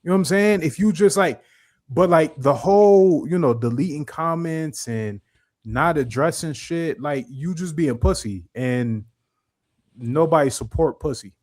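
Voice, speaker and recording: A man's voice: on the high side, unhurried, a little mellow. A man with an American accent co-hosting a podcast, talking bluntly and rambling with a lot of profanity. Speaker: podcast co-host. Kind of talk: casual podcast chat.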